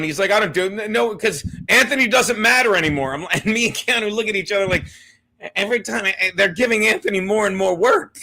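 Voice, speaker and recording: A man's voice: high-pitched, gravelly, sharp tone. A man hosting a casual livestream chat, bantering in a brash, profane way and laughing often. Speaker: host.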